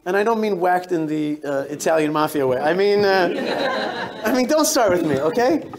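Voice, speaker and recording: A rabbi speaks at normal speed to a crowd in a synagogue hall, his fairly high voice carrying animated, forceful storytelling. Sentences halt and restart as he cuts himself off, much like a live talk to the room.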